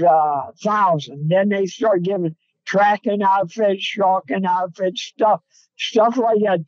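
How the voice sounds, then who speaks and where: A man's voice: sits high, a little mellow, dry recording, muffled recording. A man telling rambling, folksy hunting stories in casual chat. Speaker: guest, coon hunter. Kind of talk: casual storytelling on a phone-in. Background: on a road, seeing a deer across it.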